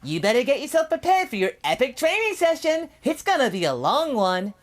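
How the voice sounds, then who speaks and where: A man putting on a loud, chirpy scientist wife with a mocking streak. Her voice sits high and bounces all over the place as she scolds, in a fan-made cartoon story. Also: wildly swooping pitch, a little fast, heavily acted. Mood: teasing. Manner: chirpy and teasing, high-pitched. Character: brash, cheerful scientist wife, woman.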